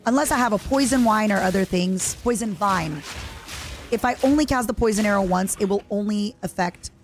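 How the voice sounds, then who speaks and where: A young woman with an Eastern European accent streams a game live, reacting excitably and chatting with viewers. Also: mid-range voice, brisk. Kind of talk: live gaming stream chat.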